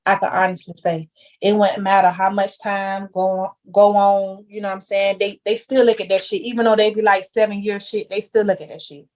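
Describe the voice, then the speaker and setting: A woman's voice: mid-range voice, little pitch movement, brisk, darkish tone. A young woman talking candidly as a podcast guest, telling her story with heavy slang and emphasis. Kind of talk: casual chat.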